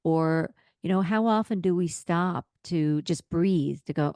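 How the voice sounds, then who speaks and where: A woman in her fifties co-hosting a casual podcast, chatty and lively as she tells stories. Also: on the low side, a little slow, dry recording, studio quality. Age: 50s. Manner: chatty, warm storyteller, acts out quotes. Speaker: podcast co-host.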